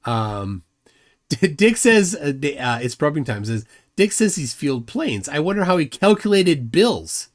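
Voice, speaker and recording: An unhurried man with a slightly high voice and big pitch swings hosts a live stream. He argues in a combative way, making fun of his opponent while reading out chat comments.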